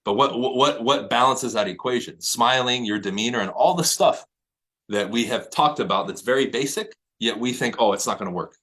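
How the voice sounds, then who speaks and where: A man coaching real estate agents in a high-energy motivational talk, swearing freely and pushing hard on every point. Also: normal speed, a bit bright. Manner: profane, high-energy, emphatic.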